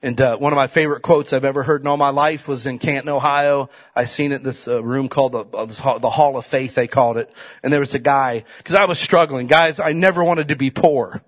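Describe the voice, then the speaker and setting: A man preaches in a conversational way, his mid-range voice steady and fairly quick as it swings between loud, emphatic peaks and quiet asides. He keeps turning to the congregation with "right?" and "man."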